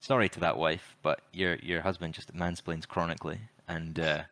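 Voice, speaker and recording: Man, podcast co-host, opinionated and sarcastic, very low voice. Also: little pitch movement, normal speed, fairly bright tone, no room sound. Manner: wry, opinionated, dry sarcastic jokes. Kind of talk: casual film review chat.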